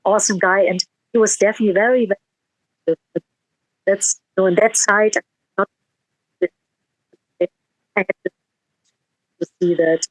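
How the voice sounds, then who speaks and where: A woman's voice: mid-range voice, fairly even intonation, a little slow, long pauses, no echo, low-quality recording. Woman, interviewed musician, emotional rambling storytelling, dry close sound. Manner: emotional, rambling with restarts and quoted dialogue.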